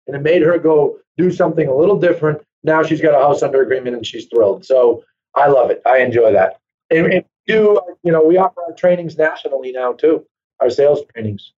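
A man who runs a real estate brokerage, telling lively stories in a casual interview and acting out quoted voices. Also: on the high side. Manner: animated storyteller, acts out quoted voices. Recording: dull lo-fi sound.

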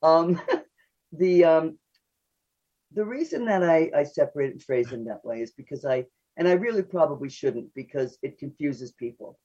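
Older female analyst guest; quick, chatty, self-deprecating; muffled lo-fi radio line. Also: deep voice, lively intonation, warm tone, breathy edge. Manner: fast, chatty, laughs at herself. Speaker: psychoanalyst guest. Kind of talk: radio interview. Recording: dull lo-fi radio audio.

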